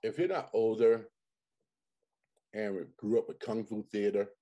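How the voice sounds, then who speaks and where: Husky-voiced man, casual and profane. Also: fairly low pitch, a little slow, warm tone, dull audio. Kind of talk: casual chat.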